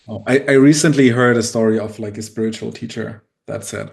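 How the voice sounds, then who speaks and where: A man's voice: fairly low pitch, little pitch movement, a little fast, creaky, few pauses. A man co-hosting a podcast, reflective and searching for his words with many fillers and restarts. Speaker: podcast co-host. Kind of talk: casual podcast discussion.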